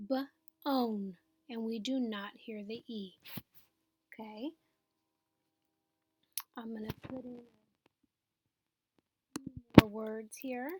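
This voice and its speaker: Female teacher, high voice, unhurried and patient, explaining each step. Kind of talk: phonics lesson.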